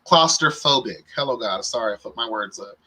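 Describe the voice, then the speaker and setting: A man's voice: medium pitch, fairly quick, rough recording. A young man hosting a live reality show recap in casual, campy commentary, with sass, slang. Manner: sassy, campy, animated with slang and exclamations.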